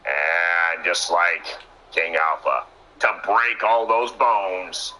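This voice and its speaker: A young man doing excitable play-by-play commentary on a wrestling match, often breaking into sudden exclamations. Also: deep voice, very slow, slight background noise, rough recording.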